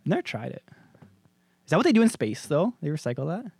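A young man co-hosts a comedic podcast and tells an anecdote with big swings in pitch and frequent laughter. His voice sits a bit high for a man. The sound is close and dry. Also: quick pace, creaky, slightly rough, no room sound. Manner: animated storyteller, laughs often. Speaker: podcast co-host. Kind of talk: casual comedic chat.

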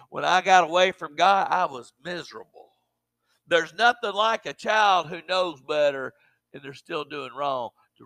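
Middle-aged preacher guy, high bright voice, keeps doubling up words and asking amen, dry close sound. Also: dry recording. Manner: repeats words in bursts, rising to loud exclamations; calls out amen to the congregation. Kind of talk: sermon.

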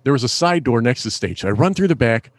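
Brief: middle-aged male stand-up, animated storyteller, lively pitch, dry close mic. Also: fast talker, no echo. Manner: animated anecdote-telling, laughs often, acts out voices in quotes. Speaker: stand-up comedian, guest. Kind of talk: storytelling in a podcast interview.

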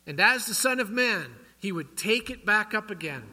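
A man's voice: high voice, expressive, normal speed, pushed and bright. A male pastor preaching a sermon in a church, quizzing the congregation with rhetorical questions. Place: church sanctuary. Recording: long church hall reverb.

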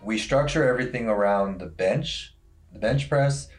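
A man's voice: lowish voice, moderate pace, faint music behind. A man strength coach chatting casually, full of fillers like "you know". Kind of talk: casual podcast chat.

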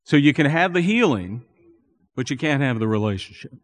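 A man preaching a sermon as a pastor, earnest and building to animated emphasis. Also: medium pitch, a little fast. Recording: long reverb in a church hall.

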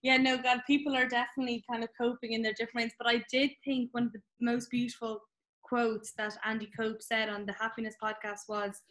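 A woman's voice: fairly high pitch, flat delivery, brisk, a bit bright. A woman hosting a casual podcast interview, agreeing with her guest and praising him with enthusiasm. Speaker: podcast host.

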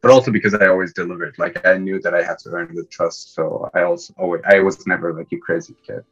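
Talking fast in a low, husky voice with a fairly bright tone, a young Iranian podcast guest shares self-deprecating stories. The highs are cut off, and he restarts himself often in this casual interview.

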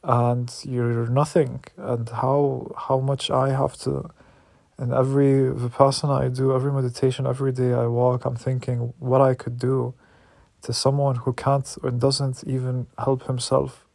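Gravelly guy ranting about his family, flat low-key delivery, dry close sound, keeps restarting, swears a lot. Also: measured pace, no room sound. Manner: raw, angry, searching, with repeated restarts and swearing. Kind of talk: personal reflective monologue.

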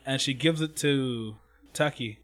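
A man's voice: medium pitch, unhurried, a bit bright. A man in casual chat, retelling scenes with lots of swearing and acting out the characters' lines. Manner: profane, rambling, acts out scenes in quoted voices. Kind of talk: casual chat recapping an anime.

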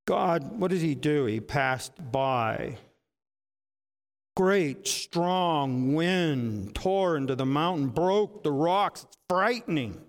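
Male preacher, sermon, fairly high voice, gravelly, dramatic, rhetorical. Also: expressive, slow. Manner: dramatic, rhetorical questions, swings between loud bursts and hushed asides.

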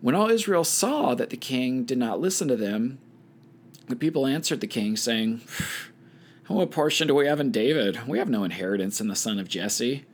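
A man at a middle pitch reads scripture aloud in an easy, unhurried voice. Between passages he drops into casual, wry comments, like a relaxed teacher talking a small study group through the text. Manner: relaxed and conversational, with wry offhand asides.

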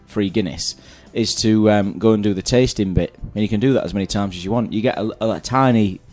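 A man's voice: on the low side, brisk, a little mellow, faint music behind. A man from England co-hosting a radio show in a small studio, chatting casually and rambling through stories with restarts. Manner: rambling, self-interrupting storyteller. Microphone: studio mic with headphones.

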